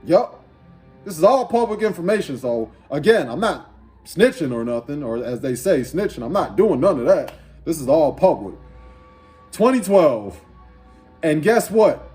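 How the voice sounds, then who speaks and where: Male commentator, lively pitch swings, preachy and profane, keeps throwing rhetorical questions. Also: a little slow, soft background music. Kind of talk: ranting commentary over an instrumental beat.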